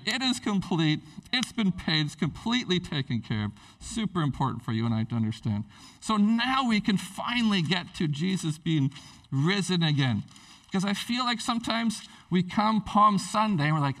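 A man preaching an animated, conversational sermon as pastor at a church service, acting out everyday scenes as he goes. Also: high-pitched, a little fast, recorded from a distance.

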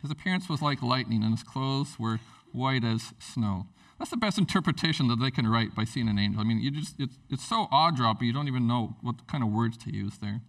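A man preaching an animated, conversational sermon as pastor at a church service, acting out everyday scenes as he goes. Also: mid-range voice, a little fast, creaky, recorded from a distance.

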